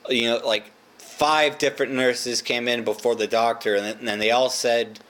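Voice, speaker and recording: A man's voice: mid-range voice, steady tone, moderate pace, fairly bright tone. A young man telling a rambling, profane, self-mocking story in a casual vlog. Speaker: vlogger.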